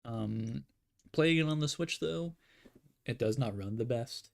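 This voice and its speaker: A young man with a gravelly, fry-edged voice talks through his drawing session in a loose, rambling way. He pokes fun at himself and pads his sentences with fillers, sounding a little tired. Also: medium pitch, measured pace. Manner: rambling, self-deprecating, with frequent fillers. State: yawning, tired. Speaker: art streamer. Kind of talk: casual drawing livestream chat.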